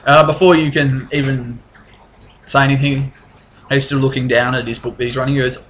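Bright-voiced man running a tabletop game. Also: medium pitch, little pitch movement, brisk, a little hiss or hum. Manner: rambling, restarts often, laughs easily. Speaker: game master.

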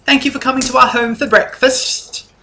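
A man's voice: fairly even intonation, normal speed, pushed and bright, slight background noise, heavily acted. A man voicing a bubbly, artsy young noblewoman who gushes over her guests. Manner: gushing, high-pitched hospitality.

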